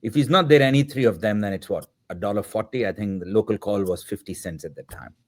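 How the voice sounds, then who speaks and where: A man's voice: on the low side, quick pace. A man in his fifties, a filmmaker guest, telling a personal story and acting out the dialogue as he goes, with the odd filler word. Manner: acts out quoted dialogue in the telling; reflective, with filler words. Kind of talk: anecdotal storytelling.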